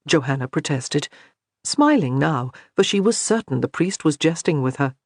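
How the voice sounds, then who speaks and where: A man narrating an audiobook in a measured, expressive reading. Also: medium pitch, no echo, studio quality.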